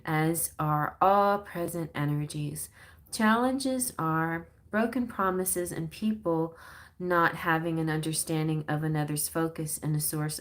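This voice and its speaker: A woman's voice: fairly low pitch, slight background noise. Chatty woman tarot reader. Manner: chatty, reads card meanings aloud with asides. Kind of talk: casual live-stream tarot reading.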